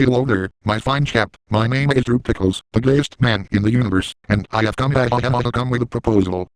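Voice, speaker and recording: A boastful middle-aged villain, voiced by a man, gloats through a first-person comic monologue. His tone is smooth and clean, and the recording is dry and close with no room sound. He stays gleeful and self-satisfied throughout. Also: medium pitch, no echo, close to an everyday voice, poor audio.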